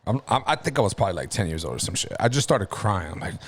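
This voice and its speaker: A man on a podcast telling a story in a casual, profane, animated way, laughing through it. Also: low-pitched, racing, crowd noise. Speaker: podcast co-host.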